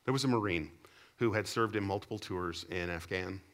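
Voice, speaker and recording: A man preaching a sermon to his congregation. He tells stories animatedly, swinging between loud emphatic lines and low, quiet asides. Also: fairly quick. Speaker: pastor. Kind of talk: sermon with storytelling.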